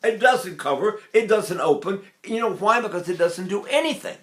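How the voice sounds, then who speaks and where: An animated man in his eighties gives a singing lesson with a bright, ringing voice. He speaks a little high for a man and drops into sung demonstrations and quick asides. The room is noticeably echoey. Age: 80s. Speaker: voice teacher.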